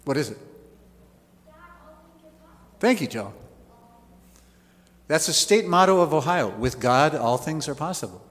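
A male pastor delivers a sermon with a storyteller's touch and homely asides, his voice sitting a little high for a man. A long reverb from the church hangs after each phrase. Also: lively intonation, measured pace, pauses often, fairly bright tone. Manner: storytelling preacher with folksy asides.

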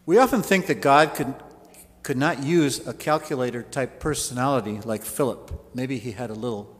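A man's voice: medium pitch, moderate pace, big-room sound. A man preaching a sermon, telling stories with folksy asides. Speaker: pastor.

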